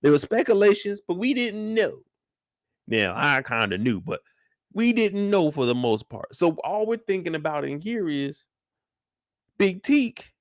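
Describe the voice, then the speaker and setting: Excitable high-voiced man recapping a show. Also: a little slow, no echo, studio quality. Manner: loud, excitable, slangy storytelling with acted reactions. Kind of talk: animated solo recap of a TV episode.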